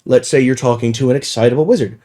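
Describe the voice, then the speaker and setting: Speaking fast at a medium pitch, the host chats casually about tabletop games, an animated storyteller who laughs a lot.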